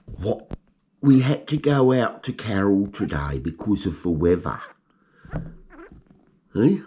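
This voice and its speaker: A man's voice: lowish voice, big pitch swings, slow pace, long pauses, mellow, a little hiss or hum. A man filming his pet rats and chatting to them fondly, often asking "Hey?". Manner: fond, coaxing, keeps asking "Hey?". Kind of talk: casual chat to pets.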